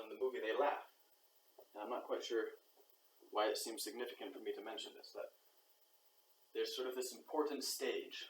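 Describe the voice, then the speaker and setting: Man musing aloud in an echoey room. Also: mid-range voice. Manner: thinking aloud, acts out quoted reactions. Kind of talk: reflective monologue. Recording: roomy echo, far from the mic, faint background noise.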